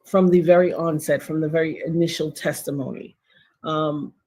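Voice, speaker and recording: A middle-aged woman hosting a livestream, talking straight to her viewers in an animated, emphatic way, with slang and repeated phrases. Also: sits low, moderate pace. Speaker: livestream host. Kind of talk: casual livestream commentary.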